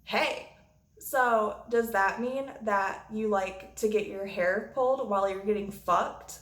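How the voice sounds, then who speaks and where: A woman's voice: mid-range voice, takes it slowly, close to an everyday voice. Give me a woman playing a leering drunk young man, blunt and lewd, in an echoey room. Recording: roomy echo.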